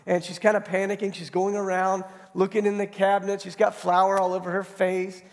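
Man, pastor, hoarse gravelly voice, fairly high pitch, conversational sermon, long church reverb. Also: flat delivery, brisk, hardly any pauses. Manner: conversational storytelling, tag questions like "right?". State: hoarse from allergies. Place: church sanctuary.

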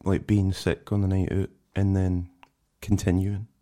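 A man's voice: low-pitched, flat delivery, unhurried, dark tone, faint music behind. A man, joking with friends in casual banter. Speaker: podcast co-host.

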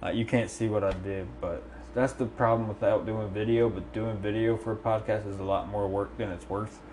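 A man's voice: fairly low pitch, fairly even intonation, brisk, a little mellow, a little hiss or hum. A man from the South, rambling and swearing casually as a podcast co-host. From American South. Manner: profane, rambling, talkative. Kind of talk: casual chat.

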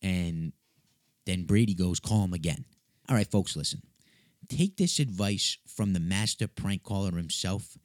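A young man telling a funny story in a casual, animated way, swearing and mocking himself. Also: deep voice, a little slow, no room sound, clean studio sound.

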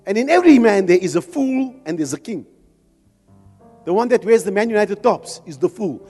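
High-voiced impassioned male preacher. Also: expressive, normal speed. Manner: impassioned, rising to shouts, jokes with the crowd. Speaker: preacher at a men's conference. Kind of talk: fervent sermon. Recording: long hall reverb with music behind.

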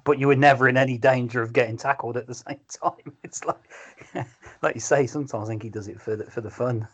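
A man chatting easily with frequent laughs. He has a middle-pitched voice and a friendly, agreeable way of talking. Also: steady tone, a little fast, breathy edge. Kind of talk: casual chat.

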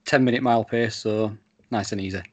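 A man's voice: lowish voice, steady tone, brisk, darkish tone. A man co-hosting a podcast, talking in a hesitant, rambling way with many restarts. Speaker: podcast co-host. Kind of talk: casual podcast chat.

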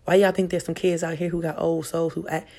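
A woman's voice: on the low side, little pitch movement, brisk, dark tone. Woman preaching self-love, emphatic and profane. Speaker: vlogger. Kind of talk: casual motivational monologue.

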